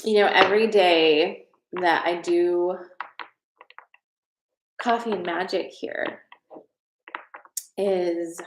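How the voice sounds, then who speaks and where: A woman's voice: fairly low pitch, steady tone, drawn-out words, long pauses, echoey room, a little hiss or hum, rough recording. A woman hosting a casual live-stream card reading from her home, chatty and heartfelt as she reads viewer comments. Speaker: host. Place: at home, in a room of her house.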